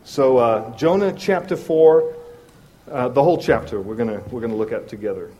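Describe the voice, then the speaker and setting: A man preaching a sermon, telling a story in an animated way and acting out the voices of the people in it. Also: medium pitch, moderate pace, muffled recording. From Southern California. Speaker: pastor.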